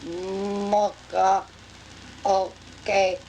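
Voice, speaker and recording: A woman voicing a spirit entity that speaks through a medium in slow, halting, broken phrases. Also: mid-range voice, flat delivery, darkish tone, a little hiss or hum, voice pushed up, rough recording. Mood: solemn.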